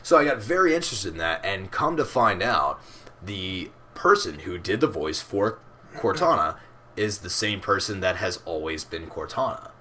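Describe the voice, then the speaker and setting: A man's voice: low-pitched, big pitch swings, moderate pace, sharp tone, slight background noise. A man co-hosting a podcast in casual chat, rambling and swearing freely, with many restarts. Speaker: podcast co-host.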